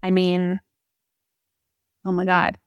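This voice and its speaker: A woman's voice: on the low side, completely flat delivery, takes it slowly, clean tone, no room sound, lo-fi sound. A woman co-hosting a podcast, talking in an emphatic, chatty way with lots of "like". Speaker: podcast co-host. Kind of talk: casual podcast chat.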